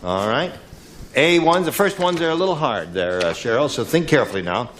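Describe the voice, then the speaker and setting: A man hosting a game show in a TV studio, chatting with contestants and tossing off quick jokes. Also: mid-range voice, animated, a bit bright, slight background noise. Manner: joking, quick quips with the panel. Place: television studio. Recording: studio audience and music. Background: audience laughter and music.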